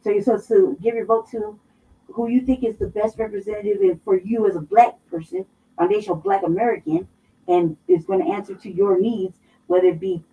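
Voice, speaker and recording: A woman's voice: medium pitch, expressive, a little fast, vocal fry. A woman from Colorado co-hosting a casual political talk show, blunt and emphatic, swearing heavily as she makes her points. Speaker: co-host. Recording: dull, somewhat distant mic.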